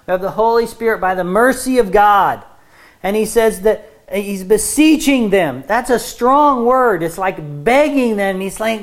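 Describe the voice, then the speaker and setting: A woman's voice: medium pitch, expressive, moderate pace. A woman preaching a sermon to a congregation in an earnest, conversational way, often repeating words as she restarts a thought.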